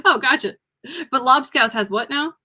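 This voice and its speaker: American female co-host, giggly, very high bright voice. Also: normal speed. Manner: giggly, laughs easily. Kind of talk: casual late-night livestream chat.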